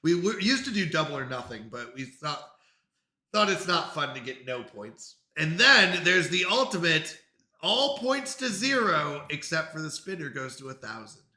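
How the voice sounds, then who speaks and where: A man's voice: on the high side, big pitch swings, moderate pace, pushed and bright, echoey room. A man live-streaming in casual chat, flustered and apologetic as he talks himself through technical trouble.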